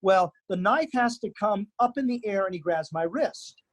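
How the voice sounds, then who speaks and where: A man's voice: high voice, moderate pace, poor audio. A man, a stage actor and teacher, telling theater anecdotes in casual chat, restarting his sentences as he goes. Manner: animated anecdotes with stammered restarts.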